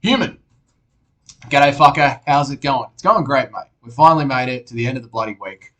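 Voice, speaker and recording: A man's voice: medium pitch, expressive, fairly quick, a bit bright. Laid-back Australian man chatting with viewers. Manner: laid-back, swears often, calls viewers mate. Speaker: streamer host reading chat. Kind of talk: casual live-stream chat.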